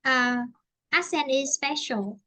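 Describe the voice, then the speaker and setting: A woman's voice: sits high, takes it slowly, bright, forceful tone. A woman with a Vietnamese accent teaching an English lesson, switching between Vietnamese and English and explaining with many fillers and restarts.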